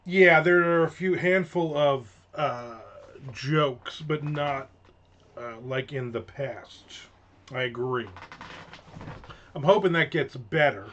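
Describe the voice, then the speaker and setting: Slight background noise accompanies a middle-aged man with a mid-range, fairly bright voice. Hosting his own rant segment, he talks casually and sarcastically, rambling with lots of fillers and restarts, and the sound is dull and lo-fi.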